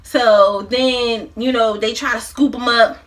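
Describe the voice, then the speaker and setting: A woman's voice: on the high side, fairly even intonation, slow pace, fairly bright tone, slight background noise. A woman in her thirties, a mukbang vlogger, casually recapping a movie plot while she eats, in a loose, profane, slangy way.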